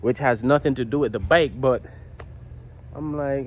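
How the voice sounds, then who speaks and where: A man's voice: fairly high pitch, steady tone, moderate pace, slight background noise. A man from the Virgin Islands telling a rambling, slangy story in a casual vlog while working in his garage. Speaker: motorcycle builder. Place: home garage.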